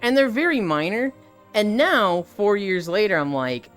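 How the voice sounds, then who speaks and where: A woman streamer telling a casual story on a live stream, animated and swearing freely. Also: medium pitch, measured pace, clean tone, faint music behind. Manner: animated, profane anecdote-telling.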